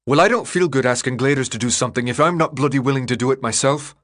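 A man's voice: mid-range voice, quick pace, a bit bright, voice pushed up, natural voice. A man voicing a young teenage boy who is earnest and frustrated.

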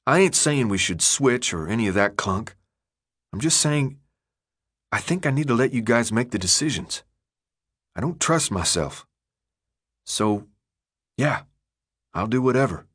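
A man voicing a gloomy teenage boy leader who mutters in a low, resigned way. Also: lively intonation, unhurried, long pauses, a bit bright.

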